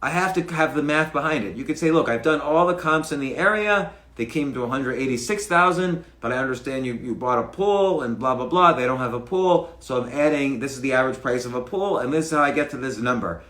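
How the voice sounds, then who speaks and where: A man's voice: mid-range voice, fairly quick, few pauses, a bit bright. A middle-aged man hosting a casual live stream, talking loosely into a mic on a stand, restarting phrases and acting out bits of dialogue. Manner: conversational, restarts phrases, acts out dialogue examples. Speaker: host. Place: home room, livestream. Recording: roomy echo.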